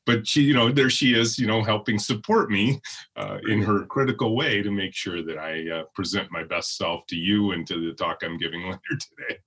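A middle-aged man, hoarse today, speaking as an interview guest in a reflective, rambling way with many restarts and fillers. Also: on the low side, moderate pace, a bit bright.

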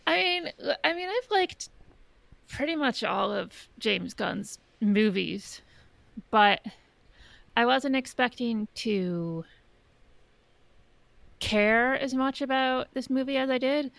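Gravelly-voiced hesitant woman co-host. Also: sits high, animated, takes it slowly, pauses often, a bit bright, no room sound. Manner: hesitant, full of "like" and "um", thoughtful. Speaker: podcast co-host. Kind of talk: casual chat.

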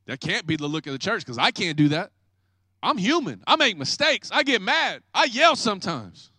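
A man pastor preaching an energetic, joking sermon, acting out people's excuses. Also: sits high, normal speed, husky, dry recording, clean studio sound.

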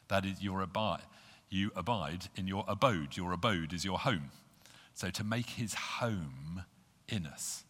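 A man's voice: low voice, a bit bright. A man preaching an earnest sermon to a congregation, reading scripture aloud. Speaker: pastor. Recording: long hall reverb.

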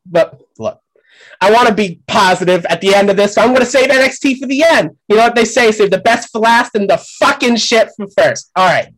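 A man's voice: high voice, low-quality recording. A man doing a foul-mouthed wrestling pundit. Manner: profane ranting, yelling off-mic at neighbors. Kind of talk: comedic character segment.

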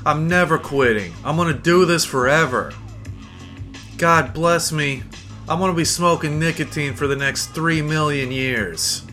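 A man's voice: on the high side, bright, forceful tone. A man hosting a podcast, delivering a rambling, profane, mock-boastful comedic rant. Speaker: podcast host.

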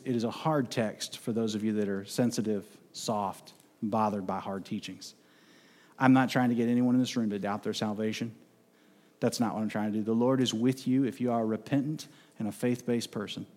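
A man preaching a sermon as pastor, emphatic, swinging between loud outbursts and soft, low passages. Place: church sanctuary. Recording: long reverb of a large hall.

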